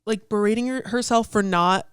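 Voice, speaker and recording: A young woman in her twenties talking through song lyrics in a relaxed chat, her voice smooth and clear. She fills her sentences with "like" and swears casually. The sound is dry and close, with no room around her. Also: medium pitch, normal speed, dry recording. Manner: chatty, fond of "like", swears casually. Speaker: podcast co-host.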